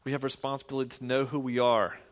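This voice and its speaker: A man, a pastor, preaching a sermon in a conversational storytelling way that swings to loud, emphatic points. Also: medium pitch, level tone, racing, in a large hall.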